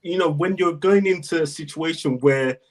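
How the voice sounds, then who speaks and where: A man's voice: on the high side, normal speed, a crowd in the background. A man on a casual football podcast panel, talking earnestly and repeating his points. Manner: earnest, talks in repeated phrases.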